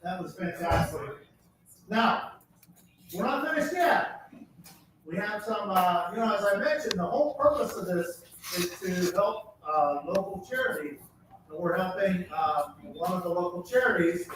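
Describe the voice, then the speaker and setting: High-voiced guy hosting a charity comedy night, kinda hesitant, far off and echoey with noise. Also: lively intonation, unhurried. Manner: enthusiastic, with hesitant fillers. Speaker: event host. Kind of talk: hosting a live show.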